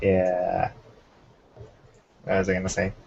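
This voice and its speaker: A young man with a somewhat low voice hosts a relaxed, chatty conversation. The sound is muffled and lo-fi, and he steers the talk and tracks the clock. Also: takes it slowly, gravelly. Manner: relaxed, chatty, keeps time. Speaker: podcast host. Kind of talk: casual chat. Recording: muffled lo-fi recording.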